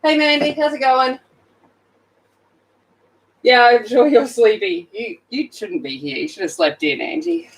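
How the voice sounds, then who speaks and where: A woman's voice: on the high side, expressive, unhurried, long pauses, poor audio. Sleepy Australian woman chatting on a stream. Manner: chatty, greets viewers by name. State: sleepy, just woken up. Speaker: livestream host. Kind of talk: casual chat while colouring. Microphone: phone.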